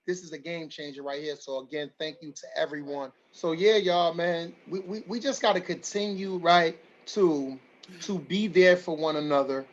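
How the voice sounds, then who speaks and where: A man's voice: on the high side, highs cut off. A man hosting an online community forum, talking emphatically and repeating his lines for stress. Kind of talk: livestream community address.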